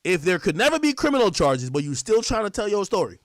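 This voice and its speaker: Man, livestream monologue, high lively voice, repetitive and insistent, dry close sound. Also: no echo. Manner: repetitive, insistent, drawn-out phrasing. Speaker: streamer in clip.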